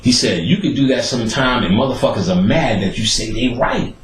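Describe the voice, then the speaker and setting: A man hosting a podcast, telling stories in a profane, animated way and acting out the people he quotes. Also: mid-range voice, a little fast, echoey room, slight background noise, rough recording. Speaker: podcast host. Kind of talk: casual storytelling monologue.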